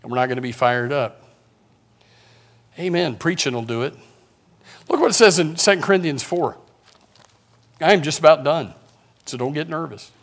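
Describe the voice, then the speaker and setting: A man preaching a sermon as pastor, fiery, swinging from loud shouts to quiet asides, with stammering restarts. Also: a little high, expressive, moderate pace, long pauses. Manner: repeats words, stammering restarts.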